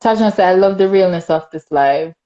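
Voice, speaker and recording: A woman's voice: lowish voice, a little fast, lo-fi sound. A young adult woman with a Jamaican accent, hosting a casual talk show and reading viewer comments with lots of laughter. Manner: laughs often, animated and chatty. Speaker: podcast host.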